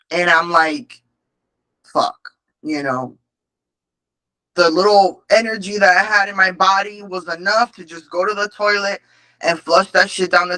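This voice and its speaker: A man's voice: on the high side, sharp tone, low-quality recording. A man telling his recovery story at a support meeting, candid, emotional and full of swearing. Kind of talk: personal recovery testimony.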